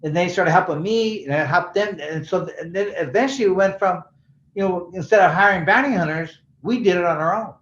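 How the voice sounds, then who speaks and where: A man's voice: high-pitched, fairly quick, a bit bright, slight background noise. A middle-aged man, a bail bondsman, telling stories loosely in a casual interview and acting out the voices of people he quotes. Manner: loose, rambling storyteller who acts out quoted voices. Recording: roomy, dull-sounding room.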